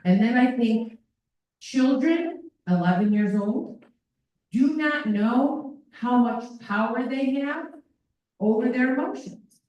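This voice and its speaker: A woman's voice: on the high side, lively intonation, takes it slowly, highs cut off. A woman presenting at a parent workshop, talking animatedly and acting out children's voices. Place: school meeting room. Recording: echoey room from far off.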